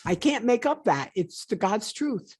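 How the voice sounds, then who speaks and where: A woman's voice: mid-range voice, sing-song, measured pace, darkish tone, husky. A woman in her eighties, a retired stockbroker, telling stories bluntly and emphatically as a guest on a video call. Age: 80s. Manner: blunt, emphatic, plain-spoken. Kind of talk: storytelling interview.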